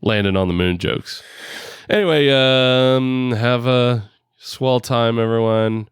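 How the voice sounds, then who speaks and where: A man's voice: medium pitch, takes it slowly, smooth, dry recording, studio quality. A man co-hosting a casual podcast on a headset mic, rambling with lots of fillers and laughing often. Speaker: podcast co-host.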